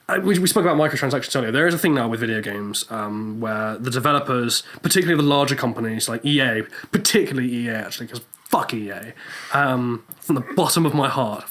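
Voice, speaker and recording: A man's voice: medium pitch, a bit bright. A young British man co-hosting a podcast, rambling and laughing often, with plenty of swearing in a casual chat. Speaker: podcast co-host.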